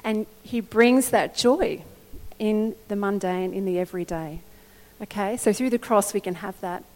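A middle-aged woman preaching a sermon in an animated, conversational way, often checking in with her listeners. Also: medium pitch, a little slow. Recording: long hall reverb.

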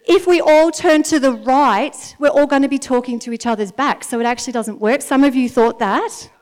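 A woman in her thirties with an Australian accent, giving a chatty, animated sermon to a congregation and often laughing. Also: high voice, normal speed. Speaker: church speaker. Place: church meeting in front of an audience.

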